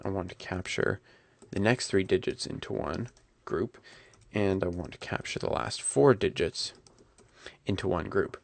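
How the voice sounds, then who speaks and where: Low gravelly man teaching code. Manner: relaxed, self-correcting, talks while typing. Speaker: programming instructor. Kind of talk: screencast coding tutorial.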